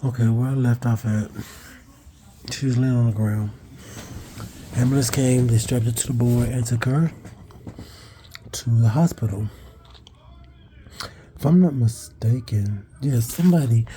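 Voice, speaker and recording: A man casually telling a personal story, rambling and cursing, with restarts and higher-pitched acted-out quotes. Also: fairly even intonation, measured pace, long pauses, warm tone, slight background noise. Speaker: vlogger telling a childhood story.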